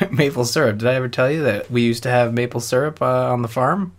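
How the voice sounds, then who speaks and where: A man's voice: mid-range voice, fairly quick. A man from Canada, co-hosting a casual podcast, playful and stumbling over restarts. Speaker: podcast co-host.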